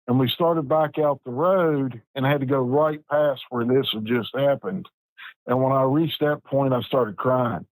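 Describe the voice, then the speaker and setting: A man's voice: medium pitch, no echo, low-quality recording. Virginia guy in his 50s, folksy and plain, dry close mic. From West Virginia. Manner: plainspoken, folksy, halting pauses. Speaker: Bigfoot researcher guest. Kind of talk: personal storytelling.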